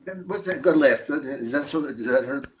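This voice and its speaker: A man's voice: medium pitch, moderate pace, slight background noise. An older man hosting a podcast in casual chat, a rambling, profane storyteller who laughs easily. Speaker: podcast host.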